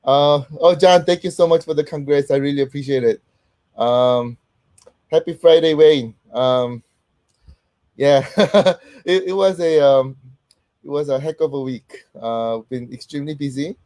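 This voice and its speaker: A man's voice: fairly high pitch, dry recording. Sick man hosting a casual livestream. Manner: halting, heavy with um and uh, warm greetings to viewers. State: sick, voice not fully back. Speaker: host.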